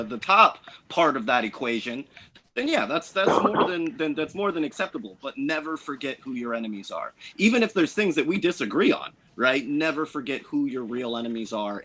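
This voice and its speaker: Halting man with a mid-pitched voice. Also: pushed and bright, low-quality recording. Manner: halting, repeats words, tags "right?". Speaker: panel member. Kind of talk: panel discussion.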